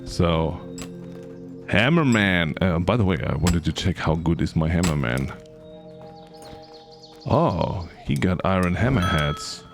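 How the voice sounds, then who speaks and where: Slow, gravelly deep-voiced male streamer. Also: animated, faint music behind. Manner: chatty, talks to game characters, sings little sound effects. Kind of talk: casual gameplay commentary.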